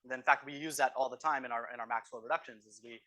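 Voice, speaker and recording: A man's voice: mid-range voice, fairly even intonation, fast, sharp tone. A man teaching an exam review lecture in a university classroom, explaining step by step and often checking in with "right?". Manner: explanatory, tags statements with "right?". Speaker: course teaching assistant.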